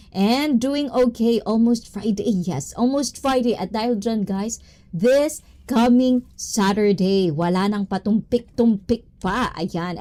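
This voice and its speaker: A woman's voice: medium pitch, warm tone. A woman hosting a casual livestream, greeting viewers one by one in a bubbly, playful way, mixing English with Tagalog and Japanese phrases. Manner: giggly, with frequent catchphrases. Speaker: livestream host.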